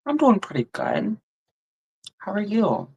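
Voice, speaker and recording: A woman hosts a tarot livestream in a loose, chatty way, musing aloud and greeting viewers by name. Her voice has a steady gravelly fry running through it. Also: medium pitch, takes it slowly. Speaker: tarot reader and livestream host. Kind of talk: casual livestream chat with viewers.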